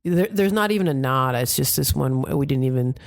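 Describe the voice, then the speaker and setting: Middle-aged woman podcast host, chatty and meandering, gravelly low-key voice, dry close sound. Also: expressive, fairly quick, no room sound. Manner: chatty, meandering, self-correcting. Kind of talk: casual rambling monologue.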